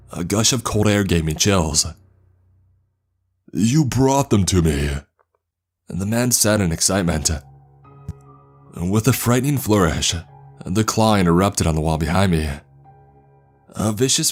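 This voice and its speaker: Low-voiced man narrating horror. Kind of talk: scripted narration of a horror story.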